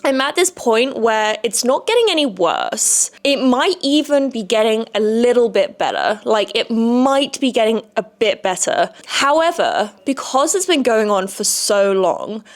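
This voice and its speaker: Young woman rambling frankly on her podcast, kinda high voice, swears a lot. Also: lively intonation, measured pace, few pauses. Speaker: podcast host. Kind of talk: candid personal monologue.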